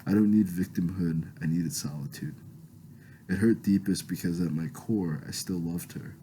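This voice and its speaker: A man's voice: low-pitched, warm tone, a little hiss or hum, poor audio. A man reading his own first-person novel aloud in a plain voice, often stumbling and correcting himself. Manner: plain reading with frequent restarts and self-corrections.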